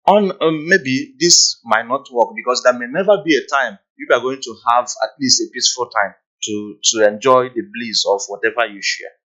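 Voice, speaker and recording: A man's voice: medium pitch, normal speed, few pauses, sharp tone, lo-fi sound. A man talking on a podcast panel, acting out little scenes and often checking "you understand?". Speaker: podcast guest. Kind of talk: casual panel discussion.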